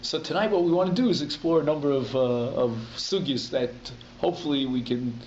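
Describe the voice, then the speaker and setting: A man's voice: fairly high pitch, brisk, a little mellow, reverberant, muffled recording, slight background noise. A man, a rabbi giving a conversational Talmud class, explaining step by step and restating each term in plain English. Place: community synagogue hall.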